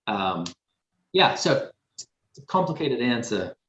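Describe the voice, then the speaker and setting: A man with a softened city Australian accent, a guest art instructor answering live questions with meandering, thoughtful explanations full of fillers. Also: mid-range voice, big pitch swings, a little slow, roomy sound, highs cut off. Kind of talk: live painting demo Q&A.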